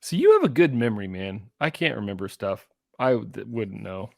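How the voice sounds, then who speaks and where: A man co-hosting a podcast, joking and self-deprecating in casual whiskey-tasting chat, with halting restarts. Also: on the low side, lively intonation, gravelly, no echo, studio quality. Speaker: podcast co-host.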